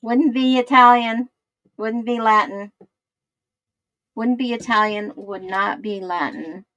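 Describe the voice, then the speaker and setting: Slow, thinking-aloud woman host. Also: fairly high pitch, steady tone, fairly bright tone, dry recording, dull audio. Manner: thinks aloud, searching while she talks. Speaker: livestream host. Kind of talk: casual livestream chat, reading comments.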